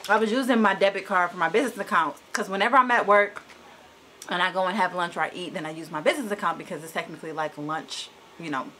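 A woman vlogging casually from her parked car, talking to a camera propped on the dashboard in an animated, anxious way. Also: quick pace, slight background noise. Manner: chatty and animated, rising high when annoyed. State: anxious, shaky nerves. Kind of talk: casual vlog chat.

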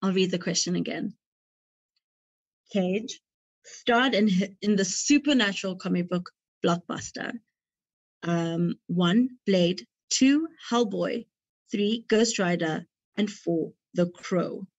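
A woman's voice: medium pitch, slow, no echo. A young woman hosting a movie quiz, reading out questions and multiple-choice options and chatting between them with a light, joking manner. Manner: chatty, laughs at her own jokes. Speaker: quiz host. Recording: dull dry lo-fi recording.

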